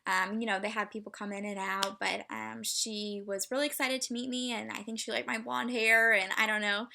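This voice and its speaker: Bright-voiced young woman sharing a story. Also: medium pitch, level tone, moderate pace, vocal fry, slight background noise. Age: young adult. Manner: emotional, many fillers and restarts. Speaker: student speaker. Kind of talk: personal story talk.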